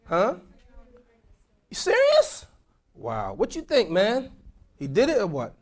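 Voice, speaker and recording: Animated imam quizzing his class. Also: sits high, slow pace. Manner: animated, questioning, repetitive emphasis. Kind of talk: lecture with audience questions.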